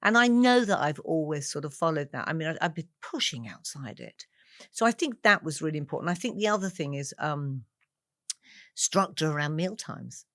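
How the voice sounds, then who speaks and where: A woman in her sixties from England, a guest talking over memories, with an animated storytelling manner and frequent laughs. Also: sits low, moderate pace, no echo, clean studio sound. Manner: warm storyteller, laughs often, animated asides. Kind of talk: reflective conversation.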